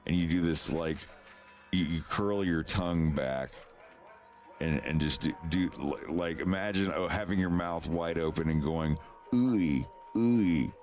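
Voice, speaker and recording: A man's voice: low voice, steady tone, moderate pace, faint music behind. A man chatting casually on a live stream, rambling and swearing as he demonstrates mouth sounds.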